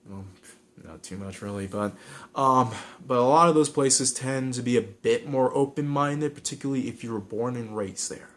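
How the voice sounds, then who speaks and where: A man's voice: mid-range voice, normal speed, a bit bright. A man with a Southern California accent giving frank, rambling advice in a casual vlog, with many restarts and fillers.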